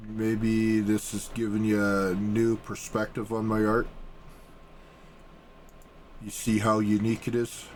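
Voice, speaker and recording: Man, artist, casual vlog storytelling, rambling manner, lowish voice, faint background noise. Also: completely flat delivery, takes it slowly, long pauses, darkish tone. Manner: rambling, casual, with restarts and fillers.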